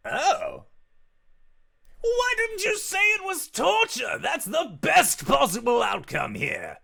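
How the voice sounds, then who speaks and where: A man voicing a boisterous, theatrical ancient male demon lord in a tabletop game, booming and shouting his demands. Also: wildly swooping pitch, unhurried, gravelly, slightly rough, heavily acted. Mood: gleeful.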